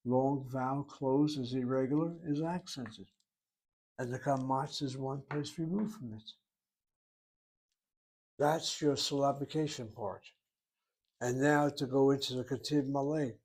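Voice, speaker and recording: A man's voice: mid-range voice, darkish tone. A man teaching a Hebrew grammar lesson, working through each word step by step and reasoning aloud as he goes. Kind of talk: grammar lecture.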